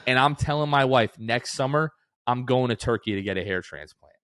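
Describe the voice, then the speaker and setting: A man in his late twenties co-hosts a casual podcast, telling stories with animated quoted voices. His voice sits at a middle pitch and is recorded close and dry. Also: moderate pace, dry recording. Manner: animated storyteller, acts out quotes. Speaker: podcast co-host. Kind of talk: casual chat.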